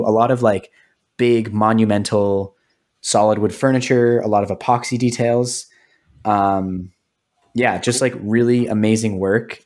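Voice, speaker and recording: Man co-hosting, slow and hesitant. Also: fairly low pitch, darkish tone. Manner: hesitant, drawn-out, many "um"s. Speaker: podcast co-host. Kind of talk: casual chat.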